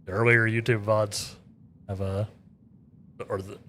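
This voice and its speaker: Rambling low-voiced male streamer. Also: flat delivery, measured pace, a bit bright. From United States. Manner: rambling, repeats words, chatty asides to chat. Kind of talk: casual chat with live chat while gaming.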